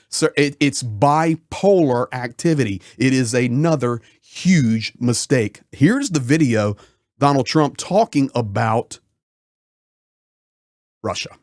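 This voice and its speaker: A man's voice: medium pitch, a little mellow, dry recording. Indignant man, dry close sound. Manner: indignant, emphatic, repeats words for effect. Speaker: commentary channel host. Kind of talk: political commentary monologue.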